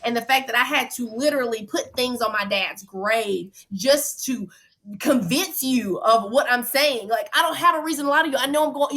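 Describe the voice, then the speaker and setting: A woman's voice: high voice, fairly quick, fairly bright tone. A woman guest in an interview, recounting events with emphatic repetition and acted-out quotes. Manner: emphatic, repeats phrases, acts out quotes. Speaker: reality show contestant guest. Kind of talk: candid interview storytelling.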